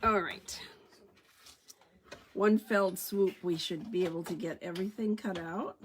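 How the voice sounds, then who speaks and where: A woman's voice: fairly low pitch, fairly even intonation, measured pace, slight background noise. A woman giving a chatty card-stamping tutorial, thinking aloud as she works. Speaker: stamping demonstrator. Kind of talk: craft tutorial demo.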